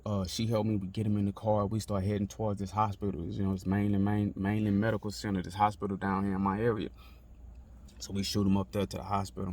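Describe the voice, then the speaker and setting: A man's voice: lowish voice, vocal fry, a little mellow. A man, telling a personal story in casual street talk, repeating himself with many fillers and restarts. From Texas. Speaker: author telling his life story.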